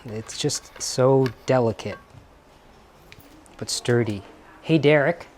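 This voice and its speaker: A man's voice: mid-range voice, slow pace, a little mellow, a little hiss or hum. A man hosting a vlog, chatting with enthusiasm while browsing an indoor antique market and reading tags aloud. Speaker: vlog host. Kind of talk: casual vlog chat.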